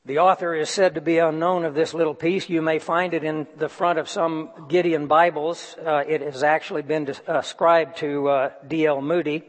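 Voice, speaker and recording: A man preaching a sermon, speaking slowly with deliberate emphasis and reading passages aloud. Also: on the high side, little pitch movement. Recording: long reverb of a large hall.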